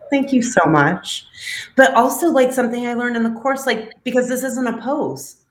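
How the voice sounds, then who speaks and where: A woman's voice: a little high, normal speed. Brief: woman student on a call, bubbly and laughing, roomy audio. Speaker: photography student.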